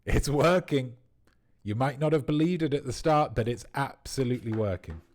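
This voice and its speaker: A man's voice: medium pitch, fairly quick, darkish tone. A man hosting a quiz livestream, riffing playfully and at length on viewers' answers. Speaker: quiz host.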